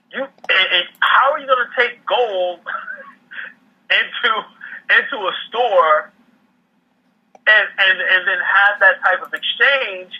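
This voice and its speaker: Husky-voiced man on a call. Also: sits high. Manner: repeats and restarts words often. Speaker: guest economic commentator. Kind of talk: casual interview over a call. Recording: muffled phone-line audio.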